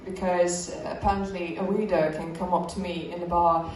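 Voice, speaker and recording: A woman's voice: on the low side, level tone, moderate pace, darkish tone, very echoey, recorded from a distance, slight background noise, low-quality recording. A young woman from Russia with a British accent, a stand-up comedian doing her set in a chatty, self-mocking way, full of small fillers.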